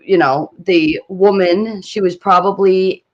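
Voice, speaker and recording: A woman co-hosting a live stream tells a story in casual chat. She rambles and hesitates, with plenty of fillers, at a middling pitch. Her audio comes through dull and lo-fi. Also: fairly even intonation, takes it slowly. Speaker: livestream co-host.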